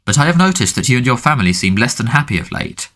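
A man reading an audiobook, voicing a cold, menacing male dark lord who speaks in a quiet, thoughtful, hissing tone. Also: medium pitch, very animated, fast talker, voice pushed up. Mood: cold menace.

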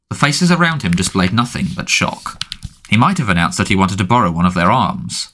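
A man narrates a fantasy audiobook in a measured, dramatic manner. His pitch sits low, yet the tone is bright, with lively, animated intonation. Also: a little hiss or hum.

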